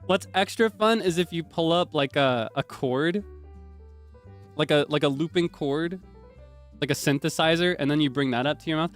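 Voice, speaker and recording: A man's voice: a little high, moderate pace, faint music behind. Rambling young man chatting on stream. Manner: rambling, explains with many fillers and restarts. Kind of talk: casual chat stream.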